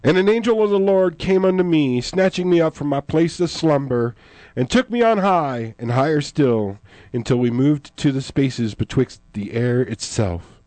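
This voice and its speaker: A booming, theatrical preacher with a vision, as a man puts him on. The voice swings wildly in pitch and rides up into high, ringing cries. The sound is dry and close. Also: expressive, normal speed, a little mellow, no echo, lightly acted. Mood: ranting. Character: man possessed by a vision, ranting fire-and-brimstone preacher.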